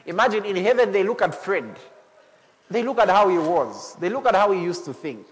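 A male pastor delivers a lively sermon in a slightly high voice, climbing to shouts and breaking into laughter. His words ring out with a long reverb from the hall around him. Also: moderate pace. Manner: animated preaching, rising to shouts, with laughter.

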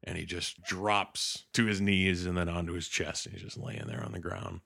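A man's voice: low voice, level tone, moderate pace, creaky, sharp tone. A young man casually recapping a film, swearing and acting out the characters' lines in funny voices. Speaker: podcast host recapping a film. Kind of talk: casual chat.

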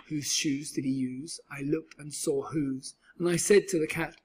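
A man reading a children's picture book aloud, riding the rhyme with an expressive, rhythmic delivery. His voice sits a little high and carries a husky, breathy grain. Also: unhurried, few pauses. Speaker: storyteller.

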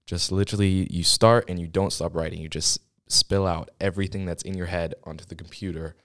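A man's voice: deep voice, fairly even intonation, brisk, dry recording. A young man hosting his own podcast from a school studio, chatting casually and rambling, often running out of breath as he talks. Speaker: podcast host. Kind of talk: casual solo podcast chat. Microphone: studio microphone.

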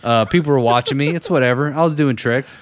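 A young man co-hosting a podcast, telling a story in a relaxed, profane way, laughing as he goes. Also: medium pitch, quick pace. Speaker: podcast co-host. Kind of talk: casual storytelling chat.

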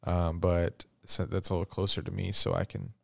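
A man's voice: low voice, level tone, normal speed, creaky, no room sound, studio quality. A man chatting casually as a podcast co-host, blunt and joking, swearing freely. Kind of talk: casual chat.

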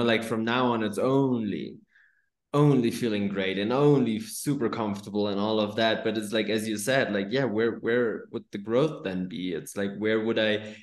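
A man hosting a podcast, talking casually with lots of swearing and fillers. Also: lowish voice. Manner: swears freely, many fillers and restarts. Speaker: podcast host. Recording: roomy echo.

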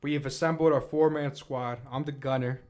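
A man's voice: mid-range voice, fairly even intonation, fairly quick, a little mellow. A young man hosting a casual podcast chat, brash and profane, hyping up his listeners. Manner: brash, profane, hypes the audience. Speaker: podcast host.

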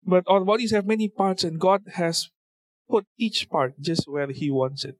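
At a church service, a man with a fairly high voice gives a relaxed talk, reading scripture and explaining it loosely and conversationally. He keeps pausing on fillers, repeating words and restarting phrases at a moderate pace. The audio is dry and close-miked, with no room sound.

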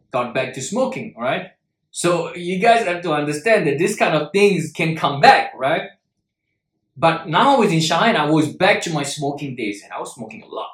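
A man's voice: on the high side, fairly bright tone. Earnest man coaching in an echoey room. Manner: earnest, repeats key words for emphasis. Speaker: self-help speaker. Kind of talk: motivational talk to viewers.

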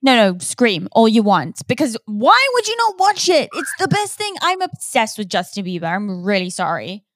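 A woman's voice: fairly high pitch, sing-song, normal speed, hardly any pauses, a bit bright, dry recording, clean studio sound. A young woman co-hosting a casual gossip chat, blunt and judgy, swearing freely. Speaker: podcast co-host.

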